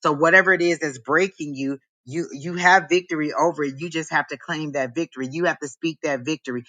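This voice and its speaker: A man with a higher-than-usual, very bright, ringing voice gives a live psychic reading. He is emphatic and preachy, repeating his points over and over, and the sound is dry and close. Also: fairly even intonation, a little fast, no room sound, rough recording. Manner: emphatic, repetitive, preachy encouragement. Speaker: psychic reader.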